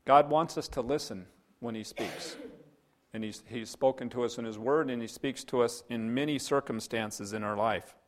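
A man's voice: mid-range voice, moderate pace. A man preaching a sermon, earnest, quoting scripture and telling a story. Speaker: pastor.

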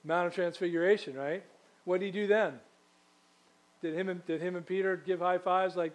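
Speaking at an ordinary pace in a high, steady voice, a male pastor delivers a sermon. His style is conversational: he questions the congregation and slips in offhand remarks.

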